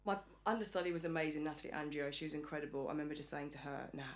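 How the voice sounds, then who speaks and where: Talking at a racing clip with a voice that sits low, an English podcast guest chats casually through an interview. Whenever she quotes someone, she acts out their voice.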